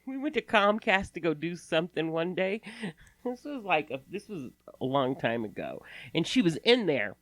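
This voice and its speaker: A woman co-hosting a casual chat podcast, animated, laughing often and swearing casually. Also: on the low side, unhurried, no room sound. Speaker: podcast co-host.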